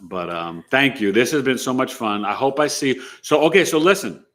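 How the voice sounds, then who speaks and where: A man's voice: medium pitch, a little fast. A man from New City, hosting a live astrology stream in casual, slangy, emphatic chat. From New York City. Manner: animated, emphatic, slangy, boastful. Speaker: astrology show host.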